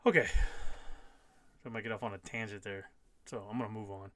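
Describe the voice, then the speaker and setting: A man's voice: on the low side, steady tone, a little fast, bright, forceful tone, no room sound. A man in his fifties hosting a casual live stream, reading viewer comments aloud and answering them emphatically, often repeating key phrases. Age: 50s.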